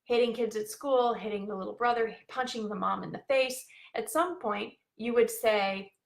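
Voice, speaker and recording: Woman, life coach, live stream talk, bubbly, filler-heavy, creaky fry. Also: fairly high pitch, moderate pace. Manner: bubbly, chatty, many fillers.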